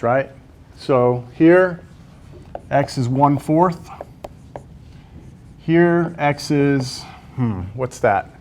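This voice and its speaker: In a classroom lecture, a male math teacher with a mid-range, slightly mellow voice works through problems. He coaxes his students along, quizzing them and often asking "right?"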